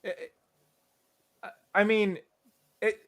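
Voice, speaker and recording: A man co-hosting a casual livestream, playful and quizzical, often stumbling and restarting his sentences. His voice is notably high for a man. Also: flat delivery, slow pace, crowd noise. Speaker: co-host.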